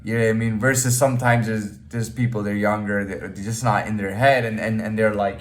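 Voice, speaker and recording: A man talking to camera in a casual monologue, rambling, restarting his sentences and often trailing off into a low mutter. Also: fairly even intonation, fairly quick, few pauses. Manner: rambling, with many restarts and "you know what I mean". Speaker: vlogger.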